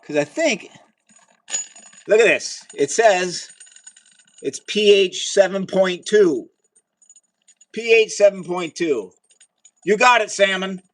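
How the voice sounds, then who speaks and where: Excitable man hosting a live science demo. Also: high-pitched, slow, pauses often, poor audio. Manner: chatty and excitable, talks to viewers, cheers at results. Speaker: livestream host doing chemistry experiments.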